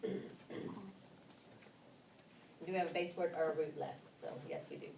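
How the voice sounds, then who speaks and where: A woman's voice: deep voice, fairly even intonation, moderate pace, vocal fry, a little mellow. A woman leading a phonics lesson for teachers, patient and questioning as she walks through each step. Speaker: teacher trainer. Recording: echoey room from far off, background noise.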